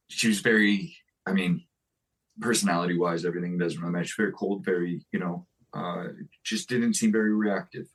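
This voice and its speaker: A man's voice: sits low, steady tone, breathy edge. A man who is a guest on a podcast, speaking bluntly in casual conversation and often restarting his sentences. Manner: blunt, halting with many restarts.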